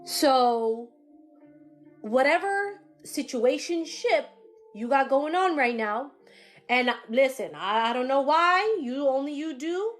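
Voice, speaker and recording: A woman giving a live-streamed psychic reading in a casual, animated way, swearing and laughing often. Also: high voice, takes it slowly, faint music behind. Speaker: psychic medium.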